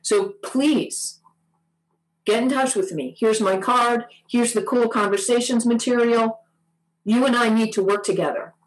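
Woman quoting a gentle peacemaker woman. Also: a little high, a little slow, lightly acted, rough recording. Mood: encouraging. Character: warm woman guest, peace worker.

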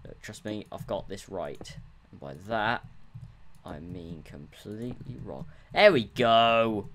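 This let's play gamer has a deep, expressive voice and speaks a little slowly, with a faint hiss or hum on the recording. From a room at home where others are in the house, he rambles casually about his own gameplay, self-mocking and cursing frequently.

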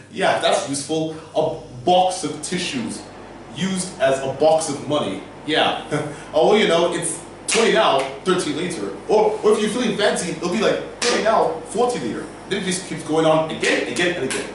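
A young man with a fairly high voice rants in a mocking, exaggerated way, his pitch leaping all over. He sounds set back from the mic in a very echoey room. Guitar music plays clearly behind him. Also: lively intonation, normal speed, noisy background. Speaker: YouTuber. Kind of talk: casual reaction commentary. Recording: roomy, distant mic with music playing.

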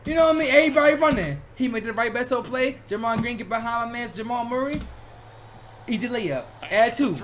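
A man hosting a basketball reaction video, talking casually in an excitable, slangy way. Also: extremely high pitch, fast. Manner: excitable, slangy, repeats "bro".

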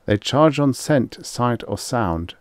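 A man's voice: mid-range voice, lively intonation, slow pace, no room sound, clean studio sound, pitched above the performer's own voice. A man voicing a cautious male guide who speaks curtly and plainly. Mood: explaining. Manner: curt, matter-of-fact.

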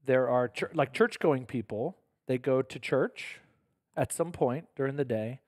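A man's voice: medium pitch, unhurried, no echo, studio quality. A man, a parish pastor hosting a casual podcast conversation, speaking earnestly with frequent restarts and self-corrections.

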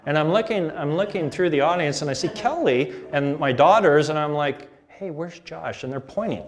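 A man's voice: fairly high pitch, moderate pace. A middle-aged man preaching a sermon, telling a family story with laughter and acted-out dialogue. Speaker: pastor.

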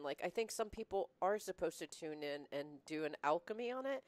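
A woman's voice: fairly low pitch, expressive, a little fast, hardly any pauses. A woman hosting a casual conversation, reflective and rambling, often laughing and restarting her sentences. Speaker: podcast host.

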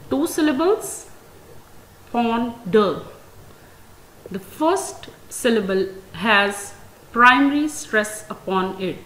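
A woman with a Pakistani English accent, teaching an English class, speaking very slowly and deliberately and stressing each example word. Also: medium pitch, sharp tone. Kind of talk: classroom lecture. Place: school classroom. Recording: echoey room, faint ambient noise.

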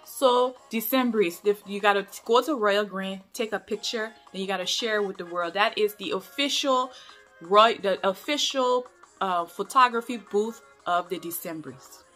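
A woman's voice: mid-range voice, normal speed, a bit bright. A woman chats to her channel in a casual, humorous vlog. Her tone is playful and teasing, and she sometimes puts on a mock-sermon voice to scold for fun. Faint music plays under her voice. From Liberia. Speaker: vlogger.

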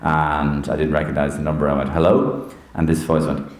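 Irish comedian telling a story. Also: male voice, extremely low pitch, fairly quick, roomy sound, rough recording. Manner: lively, animated, jumps into voices. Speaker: comedian and impressionist. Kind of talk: stand-up storytelling. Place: university lecture hall.

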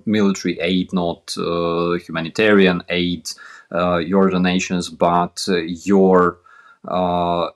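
Slow, deep-voiced man speaking haltingly. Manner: halting, many filler pauses. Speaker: panel guest. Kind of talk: casual live-stream chat.

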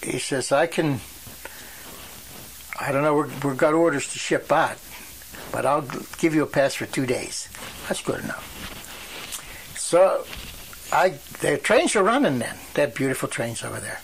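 An elderly man tells his stories in a rambling way, acting out the people he quotes. His voice sits a little high for a man. A faint hiss of noise runs under the recording. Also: expressive, measured pace, vocal fry, pauses often. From western Pennsylvania. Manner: rambling storyteller who acts out quoted voices. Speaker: oral history interviewee. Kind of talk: storytelling reminiscence.

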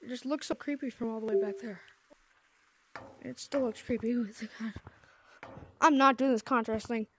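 A woman's voice: on the high side, moderate pace, long pauses, a little hiss or hum. A woman commenting casually on her gameplay, jumpy and easily startled, complaining as she goes. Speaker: game streamer.

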